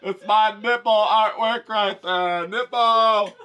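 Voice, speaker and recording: A man doing a high, sing-song impression of a woman artist showing off her artwork. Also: fairly even intonation, slow, bright, forceful tone, smooth, full character voice. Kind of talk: comic impression.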